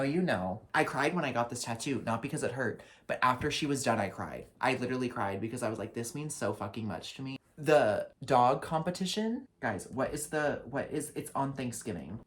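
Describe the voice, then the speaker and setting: A young man and drag performer recapping his year in a casual vlog, talking dramatically with a lot of swearing and jumping between loud rants and flat asides, in his apartment. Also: mid-range voice. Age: young adult. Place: apartment lit only by a ring light.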